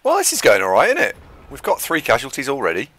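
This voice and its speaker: Man, bright sharp voice, lively pitch, excitable playful game commentary, casual stream. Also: fast.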